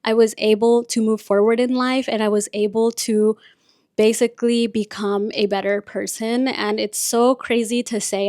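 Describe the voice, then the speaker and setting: A young woman hosts her podcast in a chatty, confiding tone, with Spanish as her first language. Her voice sits a little high. The sound is dry and close, with little room around it. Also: darkish tone, no room sound. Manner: chatty, confiding, frequent "like" and "you guys". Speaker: podcast host. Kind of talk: casual chat.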